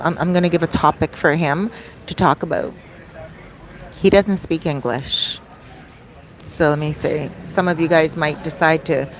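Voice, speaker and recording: A middle-aged woman, a life coach, chatting casually to camera in a Q&A vlog and wandering off topic as she talks straight to her viewers. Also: deep voice. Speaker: soul coach hosting a Q&A vlog.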